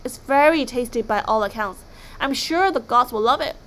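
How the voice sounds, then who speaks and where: A woman's voice: on the high side, normal speed, a bit bright, close to an everyday voice, low-quality recording. A woman voicing a clever, polite young male Viking who outwits a sea god. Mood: sly. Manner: courteous, sly.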